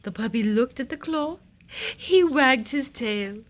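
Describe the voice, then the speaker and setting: A woman reading a children's picture book aloud in an expressive, sing-song way. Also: high-pitched, slow pace. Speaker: storyteller.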